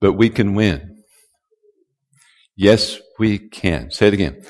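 A male pastor preaching a sermon, who builds to loud call-and-response and draws out key words. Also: on the low side, slow pace, pauses often. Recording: long hall reverb.

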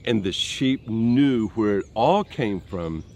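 Slow, earnest male preacher outdoors. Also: animated. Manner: slow, earnest, swings between soft low passages and rising emphasis. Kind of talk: sermon.

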